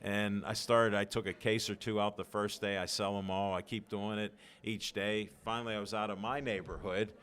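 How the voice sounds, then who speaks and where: A man's voice: lowish voice, level tone, moderate pace, hardly any pauses, fairly bright tone, clear, resonant tone. An older man from Pittsburgh, a podcast guest, telling stories animatedly and acting out the dialogue. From Pittsburgh, USA. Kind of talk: storytelling interview.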